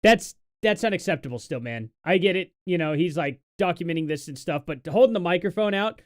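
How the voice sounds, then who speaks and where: A man's voice: a little high, animated, a little fast, no room sound, studio quality. A man hosting a live stream, reacting to protest clips with sardonic, mocking commentary and lots of fillers.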